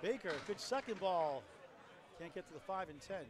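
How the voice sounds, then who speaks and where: A man giving live play-by-play on a bowling match, rattling off scores and plugging the channel. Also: high voice. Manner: rapid score calls, lively promo plugs. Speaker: play-by-play commentator. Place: bowling alley. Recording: loud crowd in a bowling hall.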